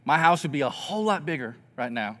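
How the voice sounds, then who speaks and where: A man preaching a sermon as a pastor, talking conversationally and acting out the complaints of grumbling people in an earnest, expressive way. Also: a little high, fast.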